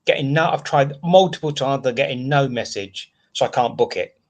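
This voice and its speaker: A man's voice: medium pitch, moderate pace, a little hiss or hum. A man hosting a casual live stream. He rants in a frustrated, rambling way and reads out chat comments as he goes. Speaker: livestream host.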